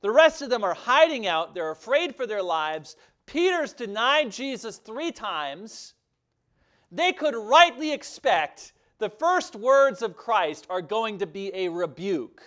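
A man preaching a sermon as pastor, earnest and emphatic, swelling louder and dropping soft. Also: sits high, very animated, slow pace. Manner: earnest, emphatic preaching with rising and falling intensity.

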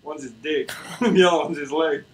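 A man's voice: fairly high pitch, brisk. A man co-hosting a podcast in casual chat, telling jokes with stumbling starts. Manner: animated storytelling, stumbles over words. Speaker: podcast co-host.

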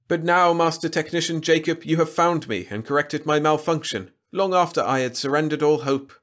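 A man's voice: medium pitch, moderate pace, voice pushed up, natural voice. A man voicing a grandiose, contemptuous ancient alien weapon in a storybook reading, speaking with lofty, pompous declamation. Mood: exultant.

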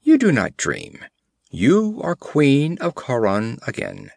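A man voicing a gruff, battle-hardened barbarian warrior chief who speaks bluntly, in a dry storybook reading. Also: medium pitch, wildly swooping pitch, takes it slowly, a little mellow, no room sound, voice pushed up, full character voice. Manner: blunt, rough, commanding.

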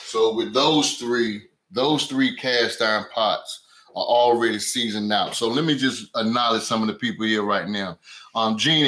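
A cooking channel host runs a home cooking live stream, chatting casually in an unhurried, medium-pitched voice with a sharp tone. He greets viewers by name and keeps saying "you know what I'm saying," recorded on a camera mic on a stand with a roomy echo.

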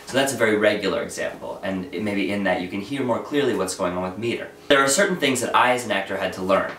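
A man's voice: lowish voice, a bit bright, distant mic. A young man, explaining acting technique in an earnest, talky way as the host of a video lesson. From New York. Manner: earnest, explanatory, quick asides. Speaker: acting teacher. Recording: echoey room, voice set back from the mic, faint noise.

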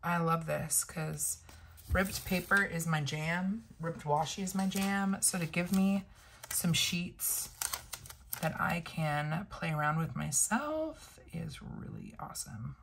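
Woman vlogger, unhurried and gravelly, talks viewers through her crafting as she thinks aloud. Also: on the low side, animated, a bit bright, a little hiss or hum, poor audio. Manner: chatty, thinks aloud, addresses viewers directly. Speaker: planner and sticker vlogger. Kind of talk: casual crafting tutorial.

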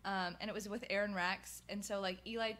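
A woman's voice: mid-range voice, steady tone, brisk, noisy background. A young woman co-hosting a podcast, chatting casually and rambling, full of "like" and frequent laughs. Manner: rambling, heavy use of "like", laughs often. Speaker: podcast co-host. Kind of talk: casual wrestling chat.

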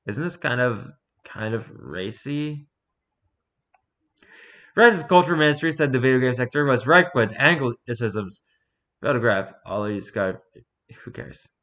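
A man's voice: medium pitch, lively intonation, normal speed, fairly bright tone. A man reading online posts aloud as a streamer, with sarcastic, mocking asides in casual commentary. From Pacific Northwest.

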